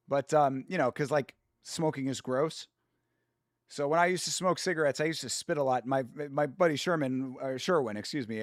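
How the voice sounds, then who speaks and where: A man's voice: fairly high pitch, no echo, studio quality. A young man hosting a casual MMA live stream, rambling and swearing freely, with many fillers. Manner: rambling, profane, filler-heavy.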